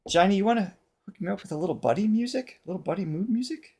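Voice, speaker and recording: A man hosting a reaction show as a vocal coach, explaining things in a casual, animated way and laughing often. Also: high voice, quick pace, slightly rough.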